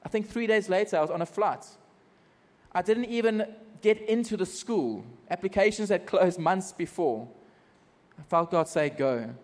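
A man's voice: high voice, normal speed, big-room sound. A South African man preaching a personal testimony at a church service, telling his story animatedly with self-mocking humor.

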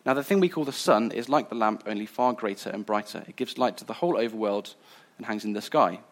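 A man's voice: fairly low pitch, quick pace, natural voice. A man reading aloud as a courteous young prince who patiently explains. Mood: earnest.

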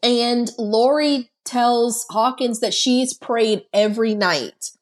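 A woman's voice: on the high side, slow. A woman co-hosting a podcast, casually recapping a movie with plenty of swearing and laughter. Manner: profane, laughing storyteller. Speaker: podcast co-host.

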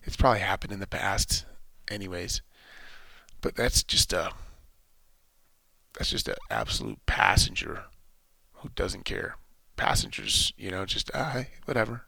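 A man with a low, gravelly voice talking through his thoughts in a loose monologue, stopping and restarting as he goes. His tone is bright and forceful, and the recording is dry and close. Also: sing-song, measured pace, dry recording. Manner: rambling, thinking aloud with many restarts. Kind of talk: casual spoken monologue.

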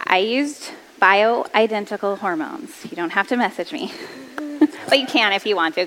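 A woman's voice: medium pitch, moderate pace, a bit bright, in a large hall, slight background noise. A woman around forty giving an upbeat motivational talk to mothers, chatty and self-deprecating, laughing easily. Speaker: speaker addressing mothers.

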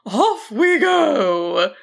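Storybook she-dragon, high, slow and loud, read by a woman narrator. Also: big pitch swings, exaggerated voice. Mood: cheerful. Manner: slow, loud, commanding calls. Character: bold female dragon, strong and protective.

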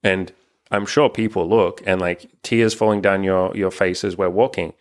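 Low-voiced, frank, swearing young man. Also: fairly even intonation, normal speed. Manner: rambling, frank, swears often. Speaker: relationship coach and channel host. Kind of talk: casual couple's chat on camera.

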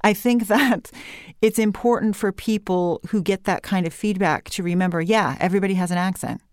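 A woman voice and speech coach with a Californian accent, explaining her work in an animated interview conversation. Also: mid-range voice, brisk, no echo, clean studio sound. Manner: animated explanatory talk with light vocal fry and uptalk.

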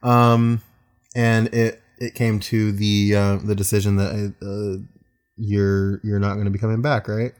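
A man's voice: fairly low pitch, level tone, a little slow, a little mellow. A man co-hosting a podcast in casual chat, laughing often and telling stories with swearing. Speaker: podcast co-host.

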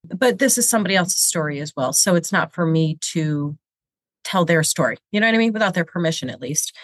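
A woman's voice: fairly low pitch, no room sound. Congested, self-mocking woman in her fifties. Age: 50s. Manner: candid, self-deprecating, rambling with many restarts. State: congested from a cold. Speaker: host. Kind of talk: casual confessional chat. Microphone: video camera.

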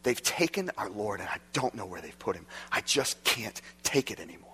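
A man voicing a grieving woman, speaking softly in a broken lament. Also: on the low side, sing-song, moderate pace, husky, exaggerated voice. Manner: soft, quiet, broken lament. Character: grieving woman, overwhelmed and despairing.

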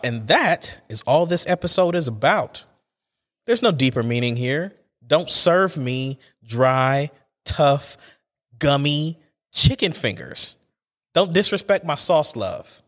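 A young man hosting a solo podcast, ranting in a casual, exasperated way about a small everyday gripe. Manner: animated, exasperated ranting with big pitch swings. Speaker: podcast host.

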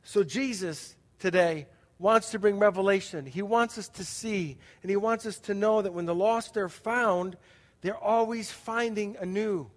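High-voiced pastor preaching in a reverberant hall. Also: male voice, a little slow. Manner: conversational storytelling with audience asides. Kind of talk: sermon.

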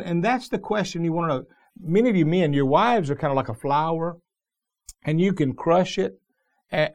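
A middle-aged male pastor delivers a sermon in a fairly high voice for a man. He talks in a loose, conversational way, often restarting his sentences as he tells a story. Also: a little mellow.

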